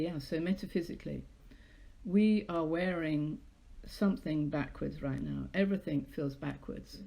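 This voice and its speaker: A woman's voice: low-pitched, gravelly, warm tone, husky. A British woman hosting a live poetry stream, chatting in a rambling, self-deprecating way and reading her own poems.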